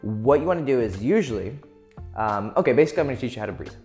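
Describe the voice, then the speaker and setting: A man's voice: medium pitch, expressive, racing, a little mellow, soft background music. A man giving casual dating advice, loose and profane, laughing easily as he explains. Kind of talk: casual instructional talk.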